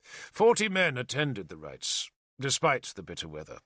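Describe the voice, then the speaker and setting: Male storyteller with a lively, bright delivery and a low voice. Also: measured pace, no room sound, clean studio sound. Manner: expressive storytelling. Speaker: audiobook narrator. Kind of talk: scripted narration.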